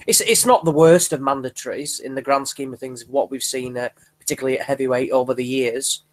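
A man in casual podcast chat about boxing, speaking in a measured way with frequent restarts. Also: medium pitch. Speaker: podcast co-host.

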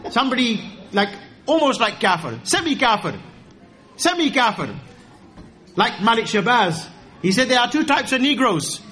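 A man giving an animated sermon, joking and rising to high exclaims. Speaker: preacher.

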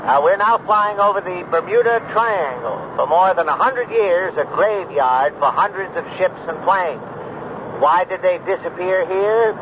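An actor playing a calm, easygoing airline captain speaking over a plane's PA system. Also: male voice, high-pitched, a little slow. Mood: breezy. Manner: easygoing, chatty. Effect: heard over a PA system. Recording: dull old radio play with engine noise.

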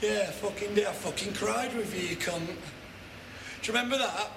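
A man's voice: high-pitched, brisk, noisy background. A distraught young man. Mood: bitter hurt. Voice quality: raw, tearful and swearing. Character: distraught young man confronting his friend. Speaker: film character. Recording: echoey film audio with ambience.

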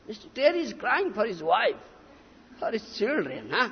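A man's voice: sits high, wildly swooping pitch, normal speed, a little hiss or hum. A man giving a devotional sermon, stressing points emphatically and often breaking in with "huh?" and "isn't it?". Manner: emphatic, frequent questioning "huh?" and "isn't it?" asides. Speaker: spiritual teacher. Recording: reverberant, dull lo-fi lecture recording.

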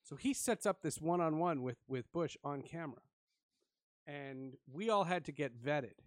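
Animated man telling a laughing story. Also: fairly high pitch, moderate pace, no room sound, studio quality. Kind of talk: casual storytelling chat.

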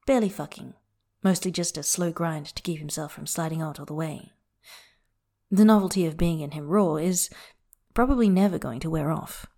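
A woman narrating fiction aloud in a soft, unhurried, intimate way. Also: on the low side. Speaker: audiobook narrator.

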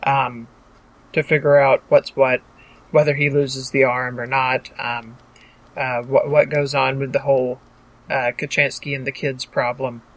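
A young podcast co-host wrapping up an episode in casual chat. They talk in stops and starts, leaning on lots of fillers along the way, with a voice pitched around the middle. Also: flat delivery, measured pace. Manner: hesitant, many fillers.

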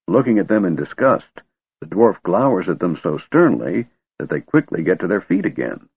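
A man narrating a fantasy audiobook in a husky, expressive voice. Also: low voice, normal speed, no room sound. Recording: tinny, phone-like and dry.

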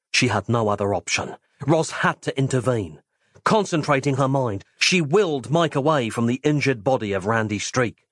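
A man reads a comic novel aloud with a playful, expressive delivery. His pitch swings a lot from phrase to phrase, while his voice stays around a mid pitch. The recording is dry and close, with no room around it. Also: moderate pace, no room sound. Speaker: audiobook narrator.

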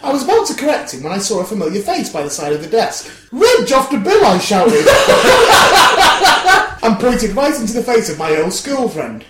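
A man hosting a podcast reads out a ridiculous mock autobiography with a deadpan, absurd delivery and giggling asides. His voice sits fairly high and swings widely. The recording has a clear room echo. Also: fast, few pauses, heavy background noise. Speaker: podcast host. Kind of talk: comic mock-autobiography reading.

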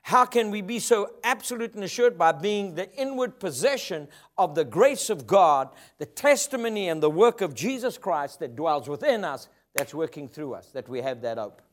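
A man's voice: high-pitched, big pitch swings, normal speed, few pauses. A man preaching a sermon, emphatic and rhythmic, often asking the congregation for an amen. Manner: emphatic, call-and-response preaching.

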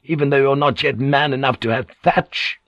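A man's voice: mid-range voice, sing-song, normal speed, creaky, slightly rough, dry recording, lo-fi sound, pitched above the performer's own voice, heavily acted. A male audiobook narrator voicing a sly, wheedling older woman who keeps a teahouse, with a honeyed, ingratiating manner.

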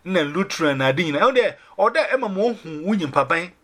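A man sharing a personal faith testimony, telling it in an animated way and dropping in English phrases. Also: high voice, a little fast.

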